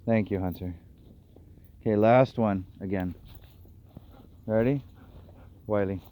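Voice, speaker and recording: A man's voice: on the low side, takes it slowly, mellow. A man, a dog trainer, explaining his dogs' behavior and calling to them on an outdoor walk. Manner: calls out to dogs, explains their behavior. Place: outdoors on a trail. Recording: dull lo-fi outdoor recording.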